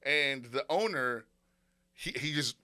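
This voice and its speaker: A man's voice: mid-range voice, animated, takes it slowly, sharp tone. A young man, a stand-up comedian, telling stories in casual podcast chat. He acts out what people said and swears freely.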